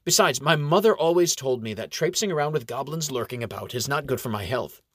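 A man's voice: mid-range voice, lively intonation, brisk, husky, no echo, studio quality. A man voicing a young, idealistic male elf who speaks earnestly and with determination.

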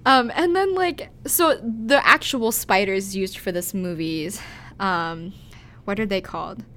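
A woman co-hosting a podcast, telling a story in animated, giggly casual chat with lots of "like.". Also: mid-range voice, unhurried. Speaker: podcast co-host.

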